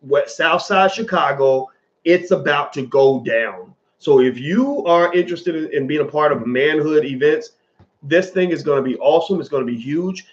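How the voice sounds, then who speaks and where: A man from the American South giving a casual, animated commentary monologue, swearing freely and repeating phrases for emphasis. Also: a little high, moderate pace, muffled recording.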